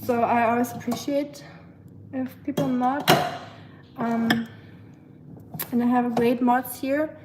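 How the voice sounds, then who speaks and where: A woman's voice: fairly high pitch, fairly even intonation, slow, long pauses, very noisy. A young woman with a German accent, a native German speaker, chatting casually with her livestream viewers while she cooks, answering them and searching for words. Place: home kitchen. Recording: echoey kitchen with clattering dishes.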